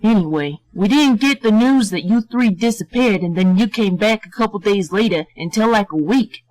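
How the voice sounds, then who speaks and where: A woman's voice: mid-range voice, animated, normal speed, darkish tone, no echo, lightly acted, poor audio. A woman voicing a young former gang leader, subdued, slangy, dry recording. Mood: somber. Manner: subdued, rough slangy speech. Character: young adult male ex-gang leader, sad, grateful.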